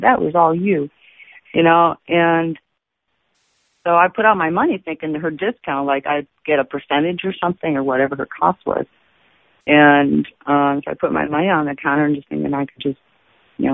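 A man's voice: a little high, vocal fry, no room sound. A man earnestly telling a rambling personal faith story, full of fillers and restarts, in casual testimony style. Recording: dry tinny phone-like sound.

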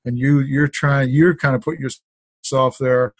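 A man's voice: medium pitch, steady tone, unhurried, breathy edge. A middle-aged man sharing a personal faith testimony in a casual, rambling way, with restarts and asides, on a conference call. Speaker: testimony sharer.

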